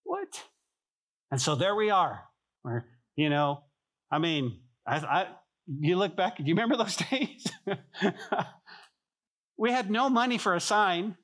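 A man preaches a sermon from a church pulpit. His voice sits a little high for a man. He tells stories with lots of energy, acts out other people's voices, and circles back over his own phrases. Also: a little slow, pauses often. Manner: animated storytelling, acts out voices, repeats phrases. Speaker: pastor. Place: church sanctuary.

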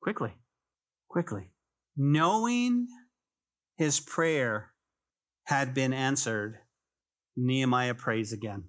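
A man's voice: mid-range voice, animated, takes it slowly, long pauses. A man preaching a conversational sermon as pastor, repeating phrases for emphasis and speaking to the congregation as "guys".

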